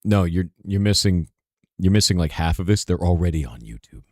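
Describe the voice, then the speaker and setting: A hoarse man streaming live, answering chat in a rambling casual way with lots of "right?" asides. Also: sits low, expressive, a little fast, a little mellow, dry recording, clean studio sound. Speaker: streamer and game developer.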